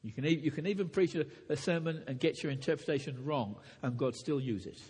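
Husky-voiced preacher in an echoey hall. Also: male voice, a little high, brisk, a little mellow. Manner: earnest, with frequent restarts and rising emphatic peaks. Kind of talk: sermon to preachers.

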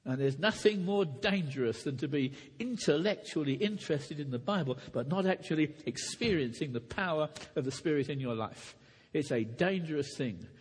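Male preacher, earnest sermon delivery, husky tone, long hall reverb. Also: on the high side, lively intonation, normal speed. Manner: earnest, with frequent restarts and rising emphatic peaks.

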